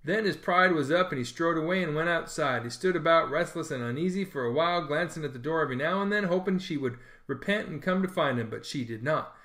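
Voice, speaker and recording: A man narrating a classic novel in a measured, expressive storybook reading. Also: fairly high pitch.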